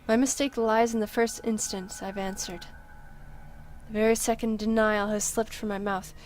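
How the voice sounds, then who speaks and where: A woman's voice: medium pitch, fairly even intonation, moderate pace, darkish tone, slight background noise. A woman reading the first-person narration of a story game aloud, dramatic and tense, with the odd slip. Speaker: let's-play reader.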